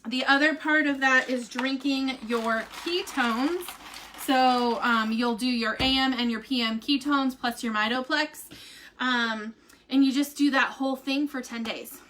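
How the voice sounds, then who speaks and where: A woman's voice: high-pitched, steady tone, a little slow, fairly bright tone, slight background noise. A woman vlogger chatting casually to viewers on a live stream from home, bubbly and filler-heavy.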